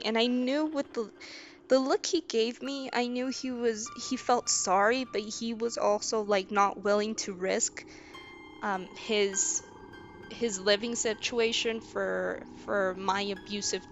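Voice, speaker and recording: A young adult woman telling a personal story in a casual storytime vlog, candid and halting, often sighing between phrases. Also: mid-range voice, steady tone, soft background music. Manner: candid, halting, with frequent sighs. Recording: slightly muffled lo-fi recording.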